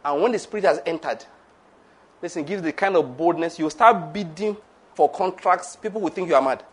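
Husky high-voiced male preacher, emphatic. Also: moderate pace. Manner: emphatic preaching with rhetorical questions. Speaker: pastor. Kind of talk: sermon.

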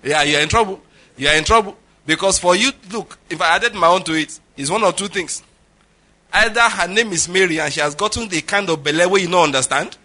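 A man's voice: high-pitched, animated, a little fast, bright, forceful tone. A middle-aged man preaching a sermon, telling stories with jokes and Pidgin asides. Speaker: pastor.

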